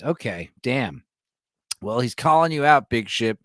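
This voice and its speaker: A man's voice: medium pitch, expressive, unhurried, a bit bright, dry recording, studio quality. A man hosting a casual late-night livestream, reading chat messages aloud and rambling with plenty of swearing and laughter. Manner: rambling, profane, laughs often.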